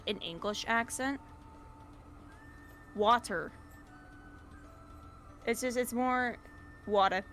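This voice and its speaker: Giggly animated woman chatting. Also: fairly high pitch. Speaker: co-streamer. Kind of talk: casual stream chat.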